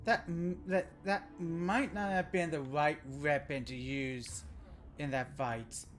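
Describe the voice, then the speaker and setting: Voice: medium pitch, fairly even intonation, slow pace, slight background noise. A game streamer chatting casually with viewers during a live stream, laid-back and chuckling now and then. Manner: chatty, talks to chat viewers. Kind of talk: casual live-stream chat while playing.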